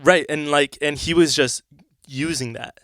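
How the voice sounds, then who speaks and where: Smooth-voiced man chatting laid-back. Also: a little high, fairly even intonation, measured pace, bright, forceful tone, no echo, studio quality. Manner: laid-back, uses filler words, laughs along. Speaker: podcast co-host, band member. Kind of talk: casual chat.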